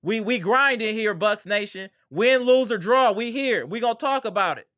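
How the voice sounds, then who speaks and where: High-voiced hyped sports stream host. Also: male voice, animated, moderate pace, no echo, studio quality. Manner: hyped, slangy, rattles off shout-outs to chat. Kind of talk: casual live-stream chat.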